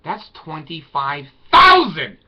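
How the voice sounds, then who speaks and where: A man's voice: on the high side, huge pitch swings, slow, pushed and bright. A man talking to camera in a loose, rambling monologue, wry and irreverent in tone. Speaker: video blogger. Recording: slightly dull lo-fi recording.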